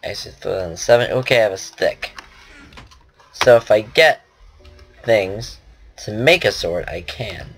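A man's voice: fairly low pitch, animated, slow, pauses often, husky, soft background music. A man giving casual game commentary at his computer, rambling and joking at his own expense. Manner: rambling, self-deprecating chatter. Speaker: gaming commentator. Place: at a home computer.

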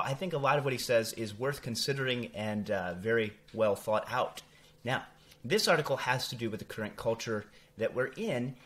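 Man, young adult, theology host, casual commentary, emphatic, filler words, middle pitch. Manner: animated, emphatic, with fillers and self-corrections. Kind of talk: casual commentary reading from an article.

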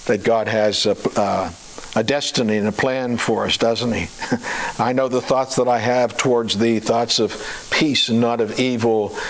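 A pastor with a mid-range voice preaches a chatty sermon packed with fillers and rhetorical questions, slowing to a deliberate cadence when he reads scripture. The low-quality recording has slight background noise.

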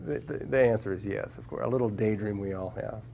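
Gravelly-voiced man telling funny stories. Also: on the low side, brisk, mellow, slight background noise. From Minnesota, USA. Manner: humorous storyteller, repeats words while finding them. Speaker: guest speaker, scientist. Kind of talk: anecdotal talk to a class. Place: lecture room with a live audience.

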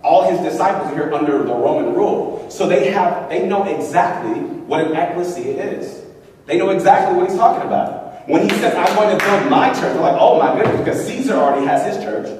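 A man's voice: a little high, lively intonation, brisk, darkish tone, recorded from a distance. A male pastor preaching a sermon emphatically, calling on the congregation to answer back and acting out quotes. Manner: emphatic, call-and-response preaching with acted-out quotes. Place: church hall. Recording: echoey hall, mic from afar.

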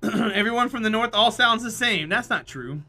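A man's voice: high-pitched, expressive, normal speed, sharp tone. A man live streaming, chatting casually with his viewers and teasing them with jokes. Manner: joking, teasing, laughs often.

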